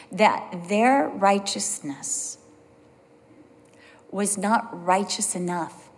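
A woman teaching a Bible study in an earnest way, building points through emphatic repetition. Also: mid-range voice. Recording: long hall reverb.

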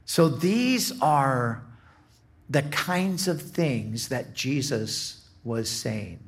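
A pastor teaches through his sermon in a slow, deliberate manner, restarting phrases often. His voice is medium-pitched and creaky, with lively intonation.

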